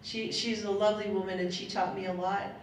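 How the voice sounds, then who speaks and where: A woman's voice: level tone, brisk. A middle-aged woman telling her personal story to a panel audience, heartfelt and rambling, laughing between thoughts. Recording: echoey hall, voice from a distance, faint rumble.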